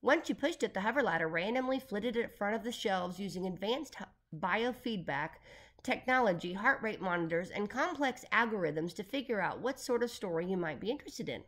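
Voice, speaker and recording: A woman's voice: medium pitch, fairly quick. Woman reading a children's book aloud. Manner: lively, expressive reading. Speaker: audiobook reader.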